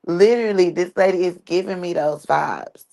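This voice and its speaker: This is a woman with a fairly low-pitched voice, talking casually to a livestream audience. Her delivery is blunt and exasperated, and she swears freely as she talks. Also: normal speed, vocal fry, dark tone. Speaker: streamer commenting on an online family.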